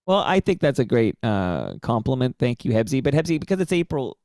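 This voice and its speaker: A man's voice: medium pitch, big pitch swings, a little mellow, no echo, studio quality. A man co-hosting a sports podcast, reacting with eager enthusiasm in casual chat. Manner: enthusiastic, quick to react and laugh. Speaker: podcast co-host.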